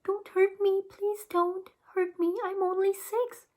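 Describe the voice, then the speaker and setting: A woman reading a children's book aloud, voicing a fussy six-year-old boy with high, pleading cries. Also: animated, normal speed. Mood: whimpering.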